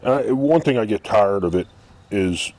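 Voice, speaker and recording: A man's voice: lowish voice, animated, moderate pace, a little mellow. A man outdoors, giving a blunt, rambling opinion monologue in a casual style. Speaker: vlogger.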